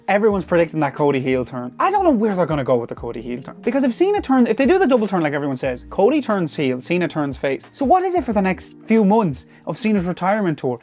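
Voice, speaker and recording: A young man giving casual, rambling commentary with predictions, often repeating "I feel like" and getting animated. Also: fairly high pitch, fast talker, few pauses. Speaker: wrestling predictions host.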